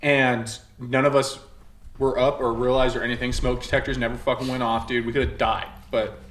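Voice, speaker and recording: A man's voice: mid-range voice, level tone, brisk, a bit bright. Laid-back young man in an echoey room. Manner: laid-back, profane, trailing off. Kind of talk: casual chat among friends. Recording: roomy mic with faint noise.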